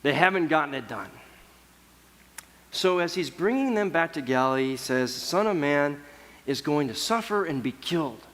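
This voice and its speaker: A man's voice: fairly high pitch, animated, normal speed, fairly bright tone. Conversational male pastor in a reverberant church. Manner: conversational storytelling, voicing biblical figures. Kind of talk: sermon.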